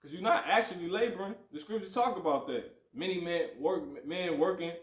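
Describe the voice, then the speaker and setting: A fairly quick, high-sitting male voice teaches a livestreamed Bible lesson, preachy and repetitive, swinging animatedly. This scripture teacher constantly asks "you see?" and says "you know what I'm saying", with a reverberant sound.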